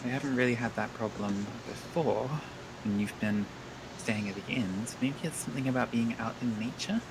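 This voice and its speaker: A man playing a character in a tabletop game, calm and reassuring. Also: mid-range voice, normal speed. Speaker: player. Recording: clear background noise.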